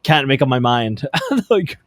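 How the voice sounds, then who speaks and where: A man with a mid-range voice delivers blunt, deadpan lines in a casual podcast. His sound is dry and close. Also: mid-range voice, unhurried, no echo. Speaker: podcast co-host. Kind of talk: casual chat.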